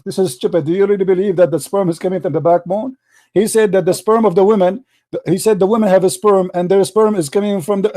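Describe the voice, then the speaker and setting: High-pitched, combative male debate host. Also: dark tone. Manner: mocking, combative, talks over the caller; repeats his questions insistently. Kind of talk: heated call-in debate.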